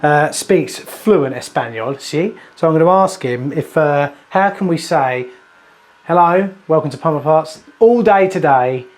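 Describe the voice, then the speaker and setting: A plumber who runs his own channel jokes around with viewers as he works through a house interior and loft in a casual DIY vlog. His voice is a little high and darkish in tone, and he takes his time.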